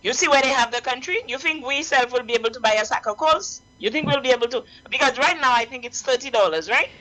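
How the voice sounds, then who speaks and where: Saint Lucian woman caller, high bright voice, preachy and insistent. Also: fast, poor audio. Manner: impassioned, preachy, repeats herself. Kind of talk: radio call-in.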